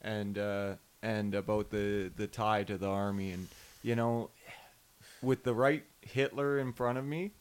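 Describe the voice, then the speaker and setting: Blunt, low-voiced Canadian man. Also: steady tone, unhurried, clean tone. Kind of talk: casual chat.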